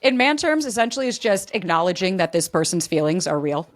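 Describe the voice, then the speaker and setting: A woman with a lowish voice and big pitch swings talks fairly quickly, with no room sound. She's a relationship coach guesting on a podcast in casual interview chat, speaking fluently, saying "like" a lot, and acting out sample dialogue.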